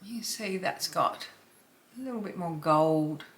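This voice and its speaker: A woman in her fifties chatting through a makeup tutorial at home, often dropping to a soft near-whisper as she works. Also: fairly low pitch, a little slow. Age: 50s. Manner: chatty, drops to near-whisper while applying. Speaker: beauty vlogger. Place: home, dog snoring nearby.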